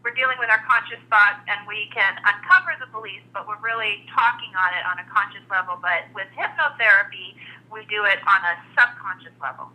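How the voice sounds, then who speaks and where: A woman from Canada co-hosting an interview, chatty and quick to giggle. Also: medium pitch, bright, forceful tone, low-quality recording. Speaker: co-host. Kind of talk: casual interview.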